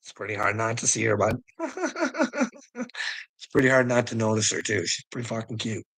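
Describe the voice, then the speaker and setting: A man's voice: fairly low pitch, sing-song, moderate pace, a bit bright, slightly rough, low-quality recording. A middle-aged man talking casually on a livestream, rambling, teasing viewers, swearing freely and laughing often. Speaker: livestream host.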